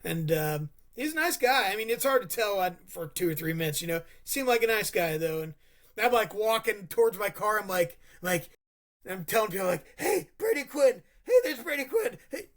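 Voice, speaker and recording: High-voiced man telling a rambling story. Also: a bit bright. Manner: rambling storyteller, halting restarts. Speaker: podcast co-host. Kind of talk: casual sports chat.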